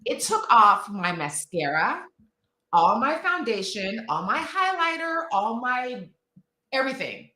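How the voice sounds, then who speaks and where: A woman's voice: fairly high pitch, very animated, measured pace, sharp tone, roomy sound. A woman talking as a guest expert on a live TV segment, chatty and emphatic, with many fillers. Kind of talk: casual TV segment demo.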